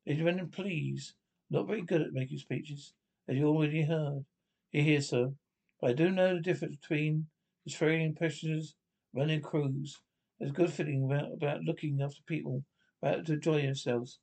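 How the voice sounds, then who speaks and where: An actor playing a weary, decent ship captain in a 1960s British film comedy, giving a halting, modest speech. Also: male voice, fairly high pitch, steady tone, creaky, a little mellow, breathy edge. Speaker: ship's captain.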